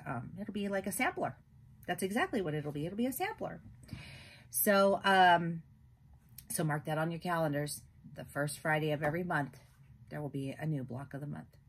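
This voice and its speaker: A woman's voice: lowish voice, a bit bright. A middle-aged woman hosting a craft vlog, chatting casually and gushing, with lots of ums. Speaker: craft channel host.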